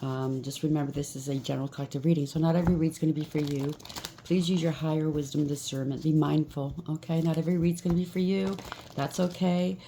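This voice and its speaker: A woman's voice: low-pitched, steady tone, quick pace, dark tone, slight background noise. A woman at home doing a collective tarot reading, reassuring her viewers with frequent fillers and a repeated "okay?". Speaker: tarot reader. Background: washing machine running.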